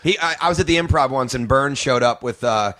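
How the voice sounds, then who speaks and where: A man, a comedian and guest, telling stories in casual podcast chat, animated and full of restarts. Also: mid-range voice, a little fast.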